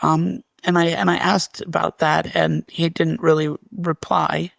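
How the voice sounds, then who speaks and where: A man with a gravelly, fry-tinged voice tells a personal story as an interview guest. He talks casually and animatedly, restarting sentences and laughing briefly. The sound is dry and close. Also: on the high side, flat delivery, measured pace, a bit bright, dry recording.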